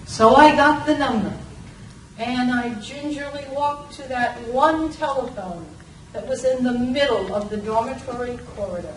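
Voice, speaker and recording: An older woman from Massachusetts performing a personal story live, animated and slipping into voices and bits of song. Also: on the high side, normal speed. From Lawrence, Massachusetts. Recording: roomy, distant from the mic, faint room noise.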